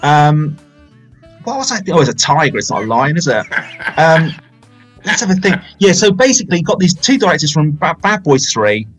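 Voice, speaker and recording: Man in his forties, podcast host, rambling casual film chat, slightly high voice, faint music behind. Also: very animated, a little fast, fairly bright tone, slightly rough, poor audio. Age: 40s. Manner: chatty, rambling, self-mocking.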